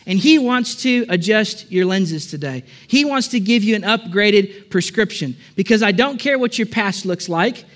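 A man's voice: high-pitched, lively intonation, normal speed, hardly any pauses, fairly bright tone. A man preaching a sermon in a church, telling a story casually and then building to emphatic, repeated lines. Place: church with a balcony.

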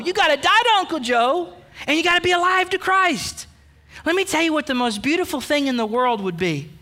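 High, bright-voiced preaching pastor. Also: male voice, normal speed. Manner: emphatic, preachy, addresses men directly, playful asides. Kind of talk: sermon. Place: church sanctuary.

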